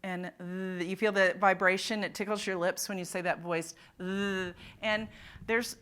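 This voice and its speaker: A woman's voice: mid-range voice, steady tone, normal speed, fairly bright tone. A woman presenting a literacy workshop at a conference, explaining speech sounds and prompting the audience to repeat them. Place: conference room.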